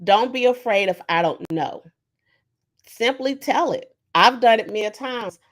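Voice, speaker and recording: A woman's voice: fairly high pitch, normal speed. A woman presenting a casual online workshop, talking conversationally with many fillers and acting out sample prompts. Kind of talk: casual webinar teaching.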